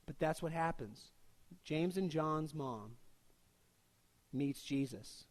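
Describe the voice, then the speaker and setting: A man with a fairly high voice preaches a sermon in an easygoing, conversational way. He jokes with the congregation and drops into short voiced asides between scripture readings. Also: measured pace. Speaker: pastor.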